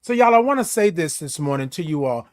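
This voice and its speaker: A man hosts a casual morning livestream, talking straight to his viewers in an emphatic, preachy way. His voice sits a little high for a man, and he calls out viewers by name as he goes. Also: sing-song, a little fast. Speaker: host.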